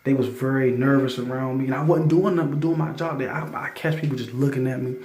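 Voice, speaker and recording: A man telling a spiritual testimony in casual talk, stammering through restarts and breaking into loud scripture readings. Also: medium pitch, fairly even intonation, fast talker. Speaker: testimony storyteller. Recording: roomy echo.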